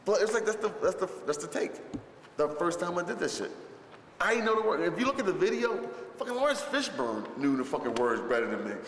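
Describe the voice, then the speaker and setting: A man's voice: sits high, big pitch swings, fairly quick, fairly bright tone. A man in an interview, telling stories in a rambling, profane way and packing his talk with fillers. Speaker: rapper recalling a film shoot. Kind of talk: interview reminiscence. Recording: roomy space with long reverb, faint background noise.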